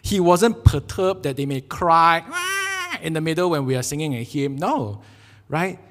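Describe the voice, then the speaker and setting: Animated Singaporean pastor in a reverberant hall. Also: male voice, on the high side, moderate pace. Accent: Singaporean English. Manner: animated, jokey storytelling with acted quotes. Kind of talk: sermon. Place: church sanctuary.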